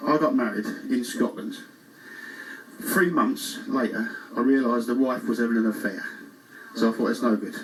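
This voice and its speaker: A man's voice: mid-range voice, normal speed, close to an everyday voice. A man from England doing a stand-up impression of a classic comic, telling bumbling one-liners with self-mocking asides on a cruise ship stage. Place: cruise ship show lounge. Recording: distant mic, faint noise. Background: audience laughter.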